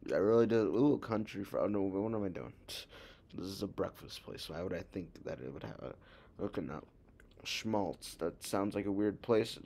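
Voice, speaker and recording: A young man with a somewhat low voice chats casually while reacting to a video, drifting off topic and tossing in bro. He rambles and jokes between lines. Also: darkish tone, slight background noise. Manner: rambling, joking, calls people bro. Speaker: reaction streamer. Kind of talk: casual chat.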